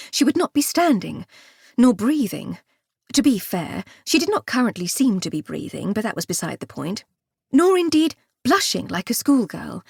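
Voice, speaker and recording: A woman narrating an audiobook with expressive, wry comic storytelling. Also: on the high side, vocal fry, husky, dry recording, clean studio sound. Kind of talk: scripted narration.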